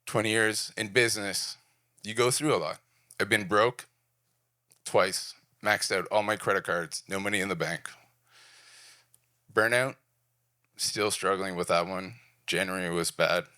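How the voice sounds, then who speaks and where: A man's voice: low voice, a little slow, long pauses, bright, forceful tone, no room sound, clean studio sound. A man in his forties from Prince Edward Island, Canada, giving a candid, self-deprecating talk at a design event in short punchy phrases. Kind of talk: personal storytelling talk. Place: event venue.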